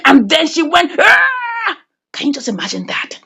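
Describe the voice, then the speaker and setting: A woman retells a comedy series with great animation. Her voice sits very high and leaps up and down constantly. She slips into dramatic voices for each character she quotes. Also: animated, brisk, gravelly, a bit bright. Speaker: movie reviewer.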